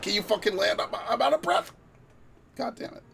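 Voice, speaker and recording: A man streaming a game, reacting with excited outbursts, laughter and swearing. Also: extremely high pitch, fairly quick, gravelly. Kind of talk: live gameplay commentary.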